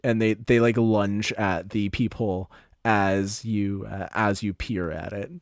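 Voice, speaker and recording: A man's voice: on the low side, steady tone, unhurried, no echo. Male game master, easygoing narration, close dry sound, a bit muffled. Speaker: dungeon master.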